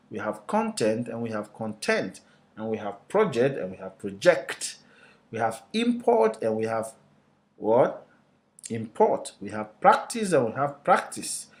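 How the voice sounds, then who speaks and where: A man delivers a recorded lecture in a measured, explanatory teacher's voice at a mid pitch. He keeps posing questions to the class and then answers them himself.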